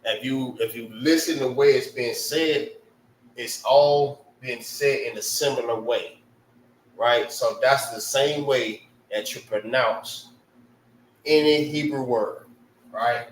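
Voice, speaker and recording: Slow-paced man teaching a language class. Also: mid-range voice, echoey room, recorded from a distance, a little hiss or hum, rough recording. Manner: relaxed, repeats "right?" and spells sounds out. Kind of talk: casual language lesson.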